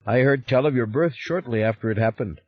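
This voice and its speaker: Man doing an urgent, higher-voiced stranger. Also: a little fast, no echo, dull audio, lightly acted. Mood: intense. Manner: urgent, pressing speech. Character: powerful northern European man, insistent, knowing.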